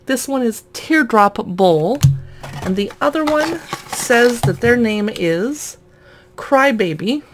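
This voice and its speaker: A woman's voice: a little high, lively intonation, takes it slowly, background noise. A woman casually narrating a toy unboxing, chatty and amused, often laughing at the items.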